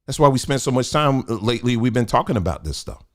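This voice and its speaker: Middle-aged man, casual livestream rant, animated and preachy. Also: medium pitch, fast talker. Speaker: host.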